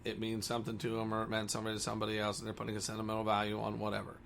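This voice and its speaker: A man's voice: fairly low pitch, completely flat delivery, rapid-fire, gravelly, a bit bright, slight background noise. A man who owns a comic store, talking bluntly and combatively in a ranting monologue.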